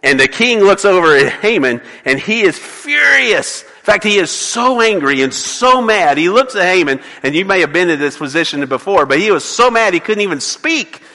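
A male pastor preaching a sermon, telling a story in an animated way and asking the congregation for responses. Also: sits high, normal speed, hardly any pauses. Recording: long reverb of a large hall.

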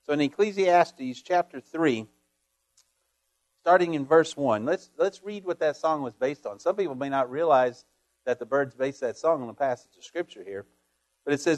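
Folksy preacher with a higher voice. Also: male voice, expressive, moderate pace, a little mellow, no room sound. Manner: folksy storytelling with calls of amen. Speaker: pastor. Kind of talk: sermon.

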